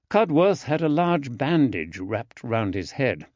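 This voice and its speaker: Male narrator, steady scripted reading, mid pitch, dry slightly muffled recording. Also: unhurried, hardly any pauses, no room sound. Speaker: audiobook narrator.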